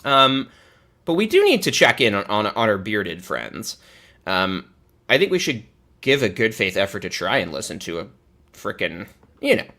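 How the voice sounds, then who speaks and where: A man giving sarcastic, profane commentary while streaming. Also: normal speed. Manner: swears freely, lively pitch swings.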